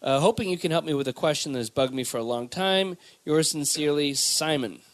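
A man's voice: fairly high pitch, a little fast, no echo. A man co-hosting a podcast, chatting in a rambling, joking way with plenty of fillers as he reads out listener mail. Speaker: podcast co-host. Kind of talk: casual chat, reading listener mail.

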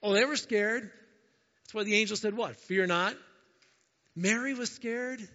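High-voiced pastor preaching in a reverberant hall. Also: male voice, moderate pace. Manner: conversational, animated, acts out quoted voices. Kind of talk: sermon. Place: church sanctuary. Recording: dull sound with long hall reverb.

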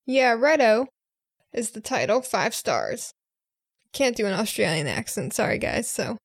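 Female podcast co-host, lively and bouncy, raised pitch, creaky edge, chatty review reader. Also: a little slow, no room sound, studio quality. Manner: lively, laughs easily. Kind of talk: casual chat reading listener reviews.

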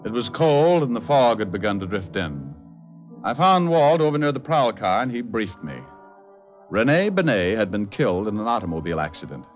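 An actor playing a wisecracking private detective who narrates in a wry, laid-back way, in 1940s radio acting from a muffled old broadcast. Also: male voice, fairly low pitch, very animated, moderate pace, faint music behind. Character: wisecracking male private eye.

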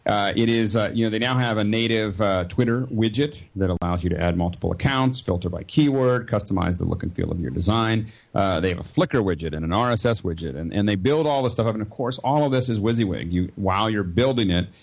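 Low gravelly guy rambling through a podcast ad read, lots of uhs. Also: fairly quick, hardly any pauses. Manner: loose, rambling, lots of fillers. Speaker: regular podcast panelist. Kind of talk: casual podcast chat and sponsor read.

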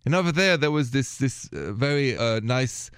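A man's voice: mid-range voice, expressive, moderate pace, smooth, no echo, clean studio sound. A man hosting a late-night radio advice show, chatting and encouraging callers. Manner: warm, encouraging, speaks with a thick accent. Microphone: studio microphone.

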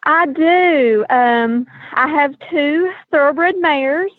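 A woman's voice: sits high, very slow, no echo, phone-quality sound. A woman from East Tennessee with an East Tennessee accent, calling in to a radio show, folksy and jokey with frequent laughter. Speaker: caller. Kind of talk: casual phone call.

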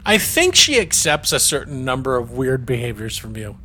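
A man's voice: mid-range voice, sing-song, normal speed, sharp tone, slight background noise. A man improvising a stern, exasperated officer lecturing a subordinate in a comedy podcast. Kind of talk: improvised sci-fi comedy role-play.

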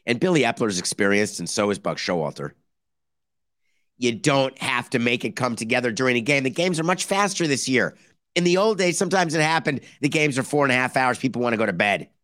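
A man's voice: medium pitch, lively intonation, brisk, a bit bright, no room sound, studio quality. A man hosting a baseball podcast, talking in sarcastic bursts and acting out mock conversations between teams. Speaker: podcast host. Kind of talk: animated baseball commentary.

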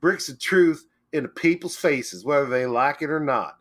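Guy doing a loud bossy unicorn, kinda high, slow folksy drawl. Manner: pushy, folksy, scolding. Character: brash bossy male talking unicorn.

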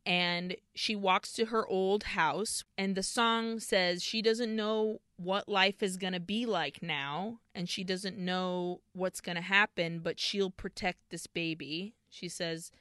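A woman's voice: fairly low pitch, steady tone, slow, few pauses, a bit bright, clear, resonant tone, dry recording, clean studio sound. A woman co-hosting a podcast, retelling a film's scenes in detail in casual chat. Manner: retells scenes in detail, laughs when emotional. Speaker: podcast co-host. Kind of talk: casual film recap chat.

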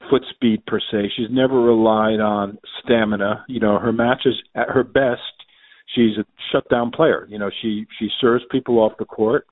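A man as a tennis journalist guest on the phone, rambling with lots of fillers and restarts. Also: mid-range voice. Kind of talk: phone interview. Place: phone line from afar. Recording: tinny phone line.

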